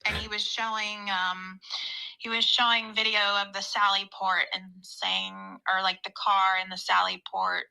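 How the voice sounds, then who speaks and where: A woman's voice: medium pitch, level tone, a little slow, vocal fry, bright, forceful tone, clear, resonant tone, poor audio. A woman co-hosting a casual live stream chat, talking in an opinionated, chatty way that trails off.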